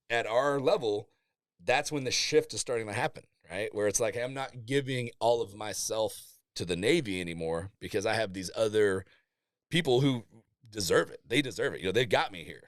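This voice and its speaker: Man in his forties, low voice, blunt and profane, laughs a lot, dry close mic. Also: expressive, moderate pace, dry recording. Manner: candid storytelling, swears freely, laughs often. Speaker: Navy master chief guest. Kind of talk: casual podcast chat.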